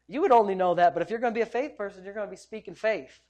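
Middle-aged male pastor, lively joking sermon delivery. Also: high voice, rapid-fire. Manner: animated, joking, preacherly exclamations.

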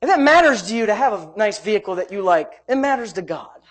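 A woman preaching a sermon, swinging between loud emphasis and hushed asides, telling homey stories with laughter. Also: medium pitch, big pitch swings, fast.

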